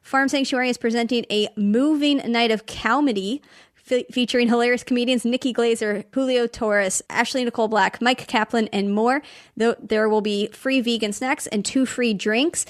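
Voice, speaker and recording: A woman's voice: a little high, normal speed, no room sound, studio quality. A woman co-hosting a podcast, reading listener plugs and chatting in an upbeat way. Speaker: podcast co-host.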